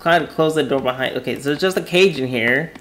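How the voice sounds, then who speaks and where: A man commentating a horror game he is playing, jumpy and excitable, yelping and screaming at scares, his throat dry from yelling. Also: on the high side, quick pace, slight background noise. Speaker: gaming YouTuber. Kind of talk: horror let's play commentary.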